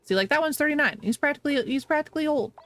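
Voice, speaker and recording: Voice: high voice, expressive, very fast, sharp tone. A game streamer chatting casually to viewers while playing, laughing often and apologizing a lot. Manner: talks to chat, reacting to the game.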